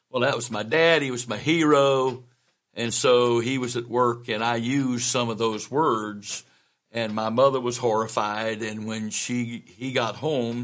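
A man's voice: medium pitch, fairly bright tone. Older man in his 70s preaching, folksy personal stories, easygoing sermon voice. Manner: folksy personal storytelling, unhurried. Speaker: bishop.

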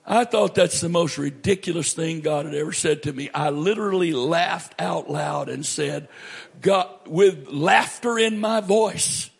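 A middle-aged male pastor preaching a sermon, animated, swinging from loud to hushed. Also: a little high, a little slow, creaky, slightly rough.

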